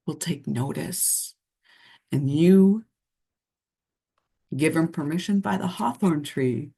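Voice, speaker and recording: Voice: mid-range voice, gravelly, a little mellow, breathy edge. A retreat leader on a computer video call from a room at home, giving a soothing guided meditation and sharing thoughts with the group. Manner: slow, soothing guided visualization. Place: home room beside an altar.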